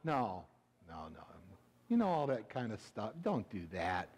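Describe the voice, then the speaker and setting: A middle-aged male pastor preaching a humorous sermon, animated and joking, swinging between loud bursts and hushed asides. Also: fairly low pitch, measured pace, slightly rough. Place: church sanctuary. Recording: reverberant church hall.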